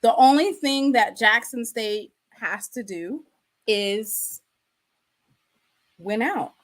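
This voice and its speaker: A woman's voice: on the high side, takes it slowly. A woman, hosting a casual livestream and talking straight to the people in the chat. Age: 30s. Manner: chatty, addresses the chat directly. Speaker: livestream host.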